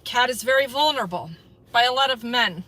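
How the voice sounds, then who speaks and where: A woman livestreaming on a city street from a phone, giving sarcastic commentary on police and at times shouting at them. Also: on the high side, animated, a little fast, low-quality recording. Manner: sarcastic, turns to loud shouting at officers. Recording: street recording with traffic noise.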